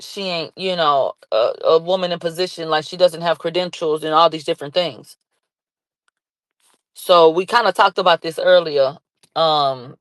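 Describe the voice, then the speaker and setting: Excitable woman vlogger with a dry sound. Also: low voice, no echo. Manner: animated, shouts and laughs, reads chat aloud. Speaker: commentary vlogger. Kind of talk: excited live commentary.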